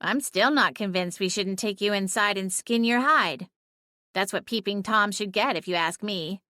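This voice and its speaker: A woman's voice: medium pitch, moderate pace, sharp tone, no echo, lightly acted. A woman voicing a small, sassy female talking cat who is bossy and bloodthirsty, in a dry audiobook reading. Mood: snarky. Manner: snarky, bossy, dramatic.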